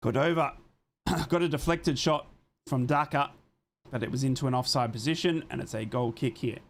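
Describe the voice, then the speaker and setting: A man's voice: mid-range voice, creaky, slight background noise. Chatty man streaming a match watchalong. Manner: chatty, reads and answers viewer comments between plays; apologetic, quick to say sorry. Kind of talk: casual live match commentary and chat.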